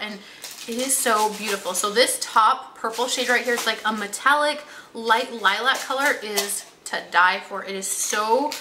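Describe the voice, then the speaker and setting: A woman's voice: a little high, noisy background. A young woman beauty vlogger chatting casually to viewers about her favorite makeup, upbeat and gushing. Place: home room with toddler nearby.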